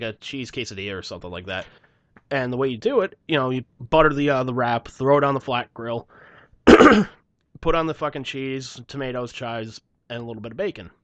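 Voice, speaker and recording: A man's voice: mid-range voice, fairly bright tone, no room sound, lo-fi sound. Profane young man telling a story. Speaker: podcast host. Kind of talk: casual chat.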